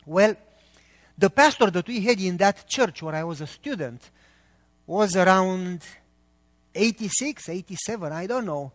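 A man from Romania with a Romanian accent, preaching a sermon earnestly and speeding up when excited. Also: high voice. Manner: earnest, talks quickly when excited, pauses between phrases. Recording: long reverb of a large hall.

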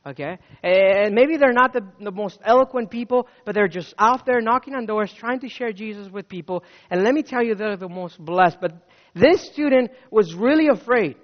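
A man preaching a sermon with dynamic swings between loud urging and hushed words, telling stories with acted quotes. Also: high voice, normal speed. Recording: dull sound with long hall reverb.

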